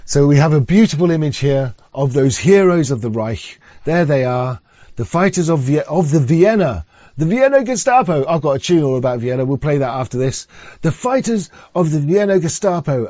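A man with a slightly high, mellow voice hosts a loose, profane talk show podcast, rambling, often starting sentences over, and at times reading text aloud. The lo-fi recording is dull and dry, with no room sound.

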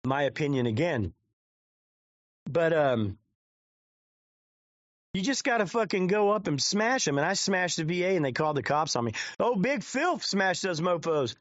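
A man's voice: on the high side, sing-song, moderate pace, long pauses, no room sound. Crude, rambling streamer man, lo-fi sound. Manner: crude, rambling, swears constantly. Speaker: live streamer. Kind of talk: profane off-the-cuff stream commentary. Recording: dull lo-fi dry sound.

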